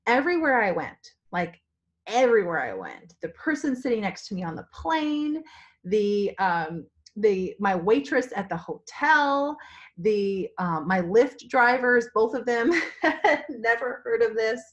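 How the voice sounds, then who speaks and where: Hoarse, enthusiastic woman vlogging from home. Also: fairly high pitch, animated, slow, highs cut off. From Virginia, US. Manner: enthusiastic, rambling, full of restarts. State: hoarse, voice partly lost. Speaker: direct-sales team leader. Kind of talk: spontaneous motivational vlog. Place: indoors in a family home.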